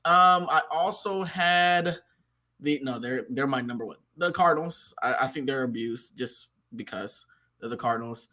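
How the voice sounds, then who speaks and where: Male panelist, mid-pitched voice, laid-back and joking. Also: normal speed, bright, forceful tone. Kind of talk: casual sports chat.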